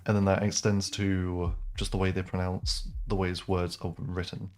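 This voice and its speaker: A man's voice: low voice, flat delivery, moderate pace, slight background noise. A man chatting casually as he streams a game, rambling with lots of ums and likes. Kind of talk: casual gameplay commentary.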